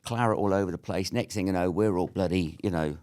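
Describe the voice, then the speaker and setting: A man's voice: sits low, fast, darkish tone. A British man in his fifties telling a war story as an interview guest, blunt and swearing freely. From Britain.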